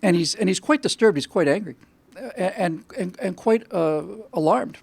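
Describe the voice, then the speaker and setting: A man's voice: high voice, animated, moderate pace, slightly rough, no echo. A man hosting a commentary show, chatting in a wry, joking way and often restarting his sentences. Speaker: show host. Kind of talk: commentary and studio banter.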